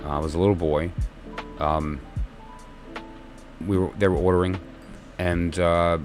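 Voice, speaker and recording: A man with a very low voice speaks in a loose, conversational way. He tells a reflective personal story as a tarot reader, circling back and restarting his sentences. Soft music plays clearly behind him. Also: fairly even intonation, a little slow. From New York. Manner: meandering, many restarts and fillers, conversational.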